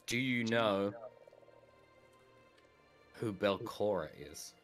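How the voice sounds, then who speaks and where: Low voice guy riffing jokes at the game table, bit of music under it. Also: drawn-out words, fairly bright tone. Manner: playful, joking, drifts into character voice. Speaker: player. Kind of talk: casual tabletop role-play.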